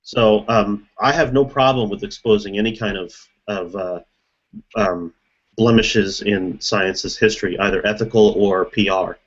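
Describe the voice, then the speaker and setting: A man's voice: fairly low pitch, a little slow, highs cut off. A man in a casual group discussion, thinking aloud as he explains things at length. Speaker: meeting participant.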